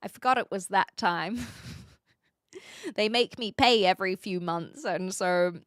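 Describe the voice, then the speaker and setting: A woman's voice: mid-range voice, unhurried, no echo. A woman from New Zealand in her twenties with a Kiwi accent, chatting casually on a live stream and answering her chat, often laughing.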